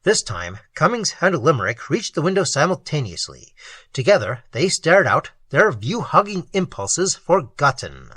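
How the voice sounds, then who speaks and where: A man reading a pulp horror story aloud as an audiobook, in a dramatic, expressive storytelling manner. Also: a little high, normal speed, breathy edge, dry recording. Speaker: audiobook reader. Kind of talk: audiobook narration.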